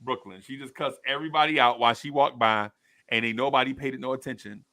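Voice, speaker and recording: Male stream host, slangy and laughing, animated, dry close recording. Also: medium pitch, quick pace, dry recording. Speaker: show host reading viewer comments. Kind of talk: casual live-stream chat.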